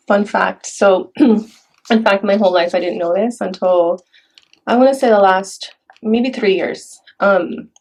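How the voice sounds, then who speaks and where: A woman from Mexico, chatting casually and softly, with many fillers. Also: mid-range voice, unhurried, low-quality recording. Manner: soft-spoken, with fillers and Spanish phrases. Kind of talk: casual chat.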